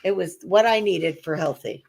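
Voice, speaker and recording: A woman's voice: on the low side, normal speed, vocal fry, slight background noise. A middle-aged woman, the co-host, telling a long personal story in casual chat and acting out the voices of the people in it. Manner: animated storyteller, acts out quoted voices.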